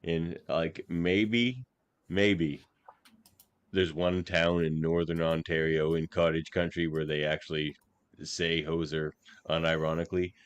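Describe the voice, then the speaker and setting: A man's voice: low voice, flat delivery, unhurried, smooth, no echo. A man from Nova Scotia co-hosting a podcast, talking in an easygoing, wry way. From Canada, Nova Scotia. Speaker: podcast co-host. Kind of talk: casual review chat.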